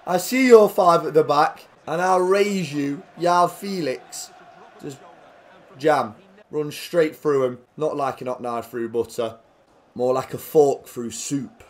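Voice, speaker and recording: Young man, fairly high-pitched, jokey football game commentary with loud bursts. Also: slow pace. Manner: jokey, swings between quiet play-by-play and loud excited outbursts. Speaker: gaming commentator.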